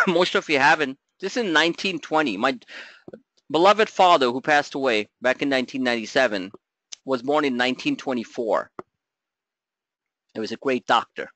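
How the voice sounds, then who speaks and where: A middle-aged man hosting a live trading webinar, joking and talking loosely, with loud asides and low mutters. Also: moderate pace, pauses often, dry recording. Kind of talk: live market webinar talk.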